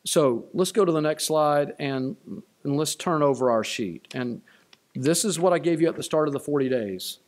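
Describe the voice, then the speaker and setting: Male pastor, slightly high voice, emphatic church sermon delivery with repeated refrains. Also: normal speed. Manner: emphatic, repeats key lines, rising on quotes. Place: church sanctuary.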